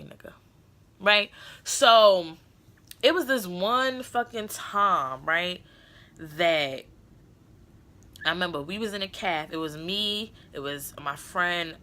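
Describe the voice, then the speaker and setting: A young woman tells a story in a casual vlog, with a bright, forceful voice. She is blunt and profane and acts out the lines of the people in the story. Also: medium pitch. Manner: blunt, profane and animated, acting out quotes. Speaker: beauty vlogger.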